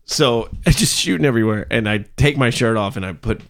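A man's voice: mid-range voice, lively intonation, brisk. A man co-hosting a podcast, telling a story in a rambling way, with a lot of swearing and laughter. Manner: rambling, profane, laughs while telling stories. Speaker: podcast co-host. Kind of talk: casual chat, storytelling.

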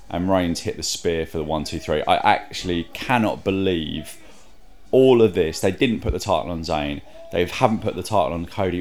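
Brief: low-pitched male host, worked-up and ranting, repeats questions. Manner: exasperated, repeats himself, swears. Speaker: podcast host. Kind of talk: heated wrestling review chat.

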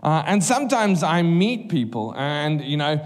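A man preaching a sermon in church, telling stories in a lively, conversational way. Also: on the high side, measured pace. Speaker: guest preacher. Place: church hall. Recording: live hall reverb with faint music.

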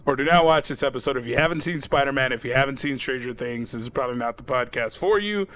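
A man's voice: medium pitch, quick pace, a bit bright. Laid-back profane podcast host man. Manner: profane, laughing, playful. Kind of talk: casual chat.

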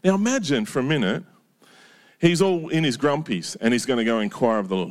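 A male pastor delivers his sermon in a relaxed, chatty way, often stopping to ask his listeners questions. His voice sits at an ordinary male pitch and drops soft and low whenever he reads scripture or pauses to reflect. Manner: conversational, with frequent rhetorical questions ("right?").

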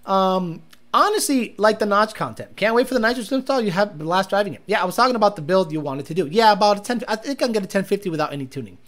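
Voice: medium pitch, quick pace. A livestream host in casual chat, reading out viewer comments and telling stories with lots of laughter and swearing. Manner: animated storytelling, frequent laughter, profane.

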